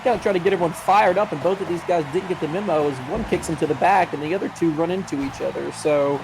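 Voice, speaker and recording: A man giving color commentary on a wrestling match in a measured, hedging way, full of "you know" and "I mean.". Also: fairly high pitch, gravelly, noisy background.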